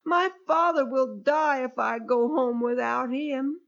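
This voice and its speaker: A woman's voice: high voice, takes it slowly, vocal fry, a bit bright, voice pushed up, heavily acted. A woman reading the words of Judah, a desperate man begging for his younger brother, on a dull lo-fi recording.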